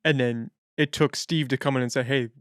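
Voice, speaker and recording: A man's voice: medium pitch, fairly even intonation, a little fast, a bit bright, no room sound, clean studio sound. A man hosting a podcast, asking long searching questions and thinking aloud in a conversational interview. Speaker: podcast host.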